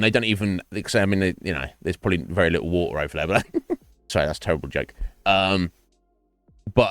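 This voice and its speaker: Rambling, sweary man, low voice. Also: a bit bright, no room sound. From England. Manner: rambling, sweary, self-mocking. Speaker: streamer. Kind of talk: casual chat while gaming. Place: home streaming setup. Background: faint game music.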